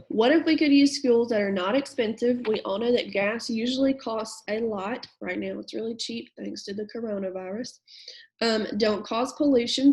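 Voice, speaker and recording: A woman teacher talks through a recorded English lesson, reading a passage and then unpacking it for her students. Her voice sits a little high and carries a noticeable gravelly fry. She keeps it patient and conversational, with plenty of ums along the way. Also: a little mellow, low-quality recording. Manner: patient, conversational, with frequent fillers. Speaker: middle school English teacher. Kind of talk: recorded online lesson, reading aloud and explaining.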